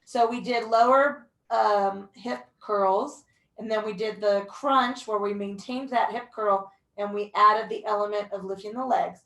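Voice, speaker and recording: Leading a mat pilates session, a young woman gives breath counts and encouraging prompts, now and then letting out a whoop. Her medium-pitched voice is slightly bright, rather even in intonation and a touch slow. The recording is echoey, with her voice at a distance.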